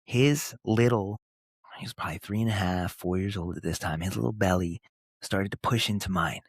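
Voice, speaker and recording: A man in his thirties hosting a podcast, speaking earnestly and emphatically in short, punchy phrases with pauses. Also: deep voice, breathy edge, no echo, studio quality. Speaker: podcast host. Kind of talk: motivational podcast monologue.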